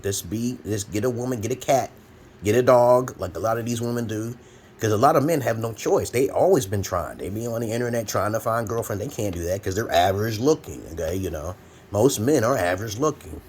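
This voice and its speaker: This advice vlogger is a man in his forties from Brooklyn, New York, USA, speaking in a fairly low voice over a faint hiss or hum. He rambles through blunt, profane, preachy advice at home, where a fan is running.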